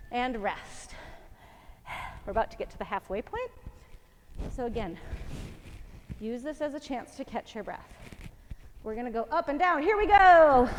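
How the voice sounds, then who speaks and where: A woman's voice: fairly high pitch, long reverb tail, slight background noise. A woman fitness instructor coaching a home workout, encouraging and counting reps aloud while out of breath. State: out of breath, winded.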